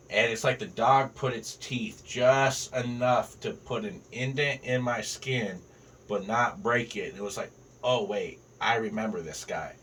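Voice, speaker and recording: A man's voice: fairly low pitch, sharp tone. A man telling jokes and stories in casual, profane podcast banter. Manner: joking storyteller, swears freely. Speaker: podcast guest comedian. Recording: distant mic with faint ambient noise.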